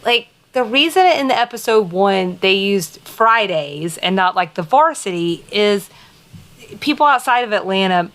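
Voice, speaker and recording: A woman with a light Southern American accent, co-hosting a podcast in casual, rambling chat with quick laughs and playful teasing. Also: mid-range voice, lively intonation, a bit bright. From Southern United States. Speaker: podcast co-host.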